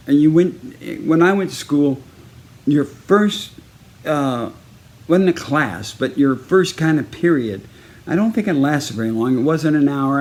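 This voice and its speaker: Higher-voiced man telling a story. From Texas. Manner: lively, acts out each person in the story with raised, punchy delivery. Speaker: celebrity recording a personal video message. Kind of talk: casual anecdotal storytelling.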